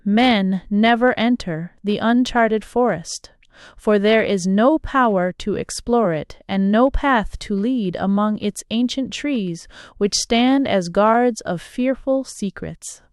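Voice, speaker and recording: A woman reading a novel aloud as an audiobook narrator, in a slow, measured manner. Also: mid-range voice, smooth, no room sound, studio quality. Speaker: audiobook reader. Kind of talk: scripted narration.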